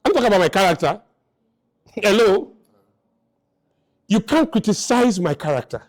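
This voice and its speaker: A man's voice: high voice, very animated, normal speed. A man in his fifties giving a motivational lecture to a live audience, emphatic and firing rhetorical questions. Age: 50s. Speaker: speaker.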